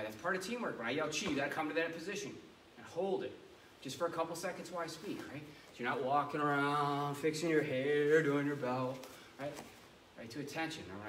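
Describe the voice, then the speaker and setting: A male martial arts instructor leads a kids' karate class with commanding yet playful energy. His mid-range voice has a fairly bright tone, heard from a distance in an echoey room with a little hiss or hum.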